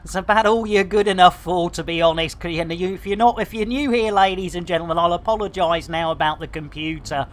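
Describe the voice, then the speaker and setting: A man's voice: high-pitched, steady tone, a little fast, few pauses. A man chatting through a live game stream, joking with innuendo and giving mock public announcements. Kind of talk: live gameplay stream chat.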